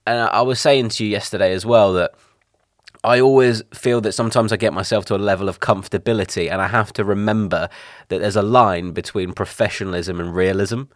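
A man's voice: on the low side, steady tone, brisk, dry recording, studio quality. A man co-hosting a podcast, talking in a reflective, casual way with frequent restarts. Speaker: podcast co-host. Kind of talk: casual chat.

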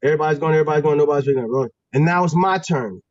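A man from Pennsylvania, a former football player and guest, telling stories in a casual, animated, slangy way with lots of restarts. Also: on the high side, very fast, dry recording, lo-fi sound. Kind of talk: casual storytelling.

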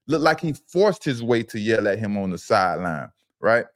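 A man's voice: lowish voice, sing-song, moderate pace. Emphatic middle-aged man talking football. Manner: emphatic storyteller who repeats phrases. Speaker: podcast co-host, former football player. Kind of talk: casual sports talk.

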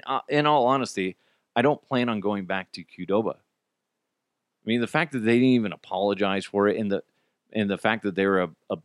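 A man hosting a casual solo podcast, ranting in an animated, exasperated way and swearing freely. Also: mid-range voice, no echo, clean studio sound. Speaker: podcast host.

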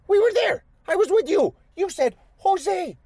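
A man's voice: very high-pitched, animated, unhurried, a crowd in the background. A man voicing a goofy, dysfunctional male leprechaun who gives silly literal comebacks and adds the host's name to nearly every line, talking inside a car. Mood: playful. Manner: tacks "Joe" onto nearly every line.

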